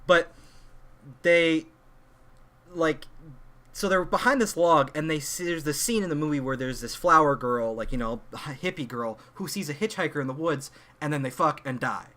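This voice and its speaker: A young man on a podcast, excitedly retelling a movie plot in casual chat, full of fillers and restarts. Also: on the high side, normal speed. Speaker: podcast co-host.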